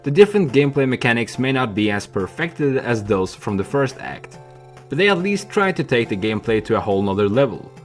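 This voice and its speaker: A young man narrating a video essay in a candid, animated way that includes swearing. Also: mid-range voice, fairly quick, faint music behind.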